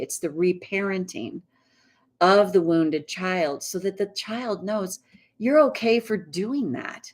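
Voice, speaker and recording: A woman coach leading a guided tapping session, speaking in a gentle, reassuring, conversational way and slowing down for affirmations. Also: medium pitch. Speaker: inner guidance coach.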